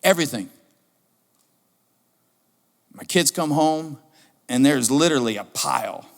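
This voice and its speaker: A middle-aged man preaching a sermon as pastor, animated and repeating his key questions for emphasis. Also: fairly high pitch, measured pace, vocal fry. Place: church sanctuary. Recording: reverberant church hall.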